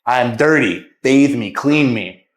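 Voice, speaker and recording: A man's voice: medium pitch, animated, takes it slowly, echoey room. A man voicing a remorseful tax collector who humbly begs God for forgiveness. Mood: pleading. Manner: pleading, humble.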